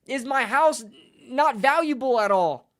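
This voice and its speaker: A man's voice: lively intonation, unhurried, a bit bright, exaggerated voice. A man mockingly voicing a whiny, self-pitying man who wails melodramatically about his run-down house. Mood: wailing. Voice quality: high, wailing. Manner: melodramatic mock lament.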